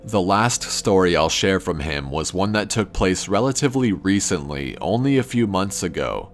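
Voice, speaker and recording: A man calmly narrating a first-person horror story in a measured, scripted way. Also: sits low, faint music behind.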